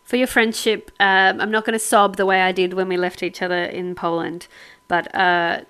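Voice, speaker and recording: A woman's voice: on the low side, flat delivery, moderate pace, fairly bright tone, clean tone. A woman co-hosting a casual podcast, chatting and laughing often, sounding grateful as she thanks listeners. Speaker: podcast co-host.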